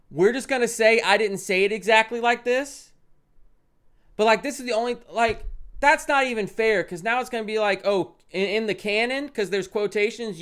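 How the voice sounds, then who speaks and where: A young man streaming a parenting game, reading its text aloud and reacting with loud outbursts and muttered asides. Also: high-pitched, clear, resonant tone.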